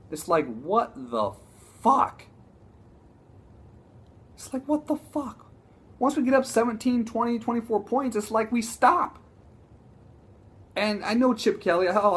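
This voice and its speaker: A man ranting casually about his football team, profane and excitable, rambling with frequent restarts. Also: high-pitched, slightly rough. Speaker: sports vlogger. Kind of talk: casual sports rant.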